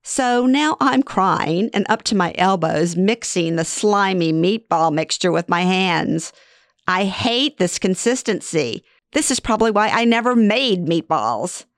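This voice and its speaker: A woman's voice: mid-range voice, animated, a little slow, no room sound, studio quality. A middle-aged woman reading her own memoir aloud in a wry, conversational way. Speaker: memoir narrator. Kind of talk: first-person storytelling reading.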